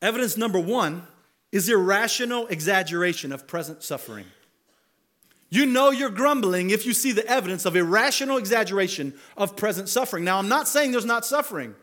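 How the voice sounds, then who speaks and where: A man's voice: high-pitched, lively intonation, a little fast, a bit bright. A man preaching a sermon as pastor, talking conversationally and building to emphatic rhetorical questions. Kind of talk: expository sermon.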